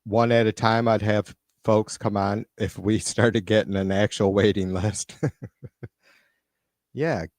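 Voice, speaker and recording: A man's voice: on the low side, little pitch movement, slow pace, darkish tone, no room sound, clean studio sound. A man hosting a live stream, reading viewer comments aloud and ranting with frequent profanity and irritation. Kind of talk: casual live-stream rant. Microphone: computer mic on a live stream.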